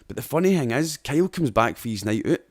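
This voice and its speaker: A man's voice: mid-range voice, lively intonation, quick pace. A young Scottish man hosting a podcast, telling a sweary story with lots of laughter. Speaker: podcast host. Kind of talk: casual chat.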